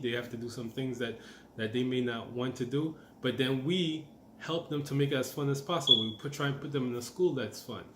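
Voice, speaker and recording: A man's voice: mid-range voice, reverberant, slight background noise. A middle-aged man giving a casual, encouraging self-help talk as a manifestation coach, repeating his points and using lots of fillers.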